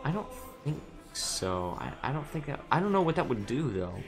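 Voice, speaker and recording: A man's voice: mid-range voice, big pitch swings, normal speed, music in the background. Man thinking aloud over a strategy game. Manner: musing aloud, hesitant, frequent restarts. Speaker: streamer. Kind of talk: casual game commentary reading chat.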